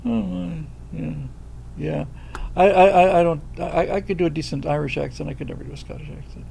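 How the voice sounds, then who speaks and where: A man hosting a livestream drifts from one anecdote to the next in casual, rambling chat. His voice sits a touch high and is heavy with gravelly fry, over a faint background hiss. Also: a little fast, dark tone, low-quality recording. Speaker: host.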